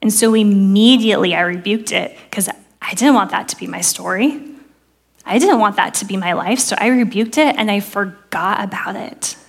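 A woman's voice: mid-range voice, moderate pace, vocal fry. Earnest woman preaching testimony. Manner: earnest storytelling, dropping soft for quoted prayers. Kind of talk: sermon testimony. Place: church.

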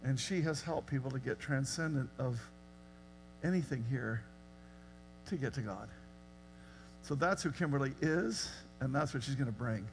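A man's voice: medium pitch, lively intonation, moderate pace, pauses often, soft background music, low-quality recording. A man, the pastor, earnestly introducing a guest speaker to his church. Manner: earnest, emphatic. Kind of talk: sermon introduction.

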